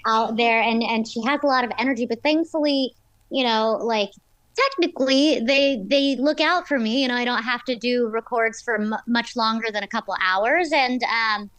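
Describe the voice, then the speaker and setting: A woman's voice: on the high side, moderate pace, a bit bright, no room sound. A woman voice actress, a guest in an interview, talking in a bubbly, giggly way full of "like" and "um".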